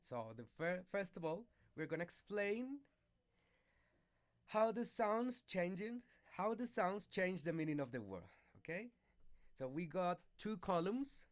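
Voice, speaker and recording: Man, Spanish native speaker, pronunciation lesson, slow and careful, lively pitch. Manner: slow, careful, hesitant explanation with many okays.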